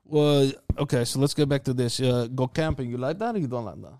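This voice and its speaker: A man's voice: mid-range voice, a little fast, mellow, no echo. Young man, podcast co-host, laid-back, joking, dry close mic. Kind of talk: casual chat.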